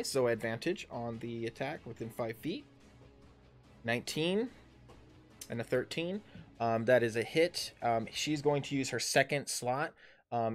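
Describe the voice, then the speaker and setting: A man in his thirties running a tabletop game as dungeon master, talking in a halting way with many fillers and restarts. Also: mid-range voice. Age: 30s. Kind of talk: narrating a tabletop game livestream.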